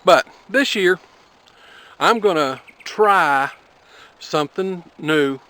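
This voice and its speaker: Man, homestead vlogger, folksy how-to talk, bright tense tone, slightly high voice, outdoor camera mic. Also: slow. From Appalachia. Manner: folksy, explains step by step with fillers. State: out of breath after planting. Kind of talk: casual how-to explanation. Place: outdoors on a farm field.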